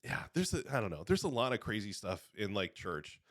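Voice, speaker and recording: Low-voiced man, casual podcast host. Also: sing-song, fairly quick, a bit bright, dry recording, clean studio sound. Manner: rambling, self-correcting. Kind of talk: casual chat.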